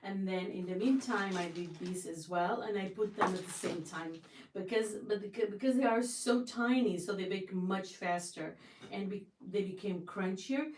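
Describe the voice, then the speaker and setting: A chatty woman hosts a casual livestream from her home kitchen, gushing over what she shows and often stopping to restart a sentence. Her voice sits at an ordinary pitch for a woman. It sounds roomy and a little distant from the mic. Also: normal speed, noisy background. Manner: chatty and effusive, with many restarts. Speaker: livestream host.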